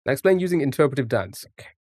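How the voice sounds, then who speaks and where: A man live-streams a word game, chatting casually and jokingly with his chat, talking back to them, and swearing now and then. His mellow, medium-pitched voice comes through with studio quality and no echo.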